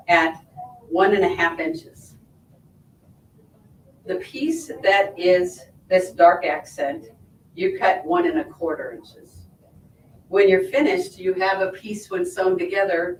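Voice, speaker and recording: A woman teaching quilting in a hands-on demonstration, her voice sitting a little low for a woman. She walks through each step and checks in often with the listener. The sound comes from a distance in a roomy, echoing space with a faint rumble behind. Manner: friendly step-by-step explaining, checking in with "right?" and "okay?". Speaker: sewing instructor. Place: sewing shop or studio. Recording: echoey room, voice from off-mic.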